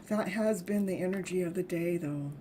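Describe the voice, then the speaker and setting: A woman's voice: on the low side, noisy background. A woman giving a live tarot reading in a chatty way, laughing often and acting out voices for the figures in the cards. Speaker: tarot reader.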